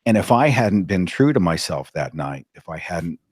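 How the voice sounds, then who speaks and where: Brief: low-voiced man, lively storyteller, dry close sound. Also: normal speed, husky, no room sound. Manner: animated, dramatic retelling. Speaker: podcast host, guest. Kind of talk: anecdotal storytelling.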